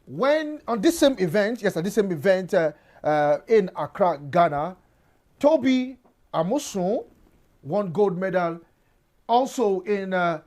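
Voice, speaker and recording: A woman's voice: lowish voice, darkish tone. A woman from Nigeria, hosting a sports news review and reading results with many "uh" fillers and frequent "now". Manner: halting delivery full of "uh" fillers, starts sentences with "now". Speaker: sports show host.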